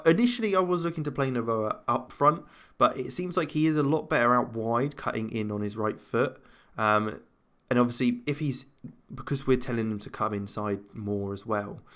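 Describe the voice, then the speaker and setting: A man casually commentating his own football management game, chatting to himself, laughing often and breaking into loud cheers. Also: fairly low pitch. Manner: excitable, jumps to loud cheers at goals. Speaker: gaming commentator. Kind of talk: casual let's-play commentary.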